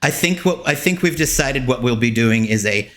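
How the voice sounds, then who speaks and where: A man's voice: mid-range voice, expressive, normal speed, fairly bright tone. A man co-hosting a podcast, joking around and rambling with restarts. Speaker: podcast co-host. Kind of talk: casual podcast chat.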